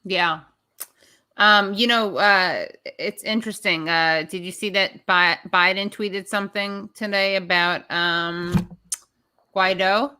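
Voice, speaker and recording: A woman's voice: medium pitch, steady tone, takes it slowly, sharp tone, clean tone. A woman hosting a podcast, chatting casually with brief interjections. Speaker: podcast host. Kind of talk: casual chat.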